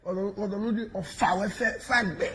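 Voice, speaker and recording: A Nigerian man giving mocking, animated commentary in pidgin, taunting and laughing as he talks. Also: high-pitched, normal speed, slight background noise. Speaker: online commentator.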